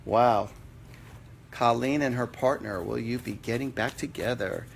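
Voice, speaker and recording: A man hosting a live-stream psychic reading. He answers viewers' questions in an earnest, halting way, with many fillers and restarts. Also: mid-range voice, gravelly, slight background noise. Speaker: psychic medium host.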